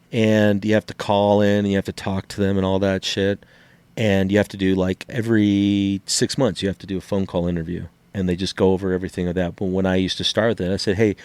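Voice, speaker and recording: A middle-aged man with a fairly low voice tells stories in a loose, casual podcast chat. He acts out what other people said and swears freely. The sound is close and dry, with no room around him. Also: smooth, no room sound. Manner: animated storyteller, acts out quotes, swears freely. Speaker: podcast co-host.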